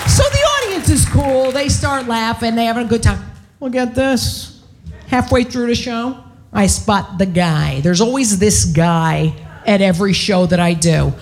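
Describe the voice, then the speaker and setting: A woman's voice: on the high side, expressive, unhurried, some chatter behind. A woman doing a stand-up comedy set on stage, brash, profane and punchy. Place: on stage at a live show.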